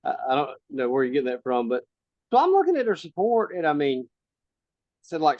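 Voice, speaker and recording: A male talk show host chats casually, his voice sitting a bit high. The sound is dry and close, but dull and lo-fi, and he breaks off and restarts his sentences as he goes. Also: wildly swooping pitch, a little fast, a little mellow, dry recording. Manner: conversational, many restarts, asks questions. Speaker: podcast host. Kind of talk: casual political chat.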